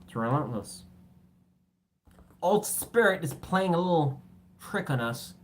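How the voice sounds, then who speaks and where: A woman's voice: low voice, animated, slow pace. A woman giving a casual tarot reading, rambling and joking between cards and swearing now and then. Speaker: tarot reader.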